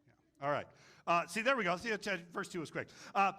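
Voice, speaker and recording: A man's voice: high voice, a little fast. A man preaching a casual, joking sermon, telling stories and doing voices for the people in them. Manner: jokey, animated storytelling with voices. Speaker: pastor.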